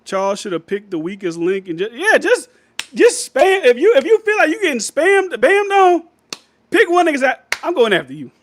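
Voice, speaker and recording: A man's voice: extremely high pitch, sing-song, moderate pace. A man hosting a casual livestream, rambling loosely, laughing often and reading viewer comments aloud. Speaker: livestream host reading chat.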